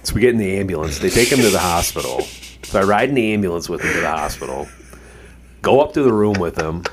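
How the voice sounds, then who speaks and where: Deep-voiced man telling a rambling story. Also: animated, fast talker, background noise. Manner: profane, rambling anecdotes full of "like" and "you know". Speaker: podcast co-host. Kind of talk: casual storytelling chat.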